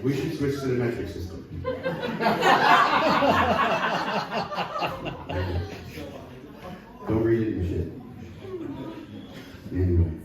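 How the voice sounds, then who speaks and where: A man's voice: mid-range voice, huge pitch swings, drawn-out words, long pauses, over a noisy crowd. A man doing a stand-up set at a brewery, rambling and chuckling at his own jokes. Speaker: stand-up comedian. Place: brewery taproom. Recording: echoey room, mic heard from far off.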